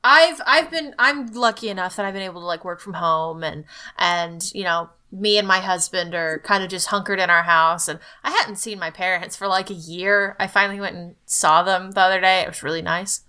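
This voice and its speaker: Bright, teasing young woman. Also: on the low side, fairly quick, few pauses, smooth. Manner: teasing, chatty, laughs often. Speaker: podcast co-host. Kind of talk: casual chat.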